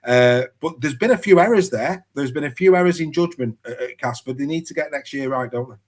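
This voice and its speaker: A man's voice: mid-range voice, fairly quick. A man hosting a casual rugby league chat show, rambling, with many restarts and fillers. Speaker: podcast host.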